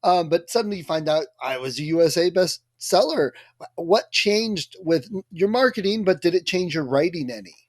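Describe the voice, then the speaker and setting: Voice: mid-range voice, expressive, moderate pace, no room sound, studio quality. A podcast host in a casual interview, encouraging and asking follow-up questions.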